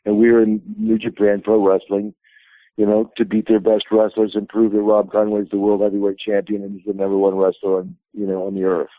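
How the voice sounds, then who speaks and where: Calling into an interview, a wrestling promotion president in his fifties spins long, wandering anecdotes. His pitch sits fairly low and his delivery is monotone and slightly fast. The telephone audio is tinny, with no echo.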